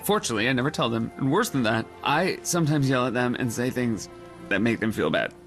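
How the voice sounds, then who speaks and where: A man's voice: medium pitch, lively intonation, fast, a bit bright, soft background music, lightly acted. An actor playing an anxious, earnest male superhero team leader who rambles as he talks.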